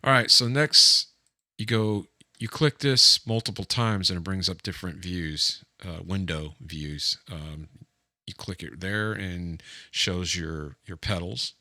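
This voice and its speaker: A man casually demonstrating guitar software on screen, thinking aloud with lots of fillers and easily pleased by each feature. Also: low voice, slow pace, no echo, studio quality. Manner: easily delighted, keeps saying it's cool. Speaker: gear reviewer walking through software. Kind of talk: casual screen-share demo.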